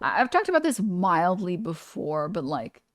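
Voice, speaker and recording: A woman's voice: lowish voice, moderate pace, no echo. Woman streamer, blunt and swear-happy. Dry close sound. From New York. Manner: blunt, animated, swears freely. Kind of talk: casual reaction stream chat.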